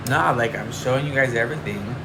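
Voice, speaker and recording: A man's voice: mid-range voice, quick pace. Confiding man livestreaming over air-con hum. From Northern California. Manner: confiding, emotional, rambling with many fillers. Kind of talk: casual livestream chat with viewers. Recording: air conditioner hum behind.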